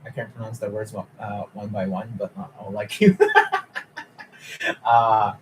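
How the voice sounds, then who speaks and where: A man's voice: lowish voice, level tone, unhurried, long pauses, darkish tone, slight background noise, low-quality recording. A young man talking casually on a live stream, chatty and often laughing as he answers chat.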